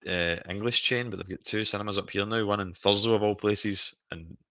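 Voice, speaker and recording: A man's voice: fairly low pitch, steady tone, fairly quick, sharp tone, no echo. A Scottish man in his thirties hosting a casual live stream chat, telling stories animatedly and laughing often. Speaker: stream host.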